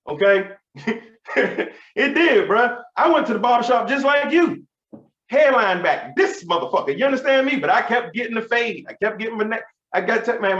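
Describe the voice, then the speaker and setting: A man in his thirties tells a stand-up story, swaggering and profane. His voice sits high and leaps all over the place. The sound is roomy and a little dull. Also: a bit bright. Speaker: stand-up comedian. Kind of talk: stand-up routine.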